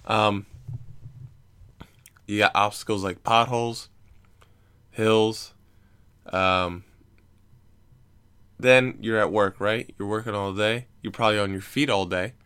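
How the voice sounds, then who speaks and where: A man's voice: fairly low pitch, fairly even intonation, slow, long pauses, a bit bright, clean tone. A young man hosting a casual recorded chat, rambling and teasing with jokes. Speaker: podcast host.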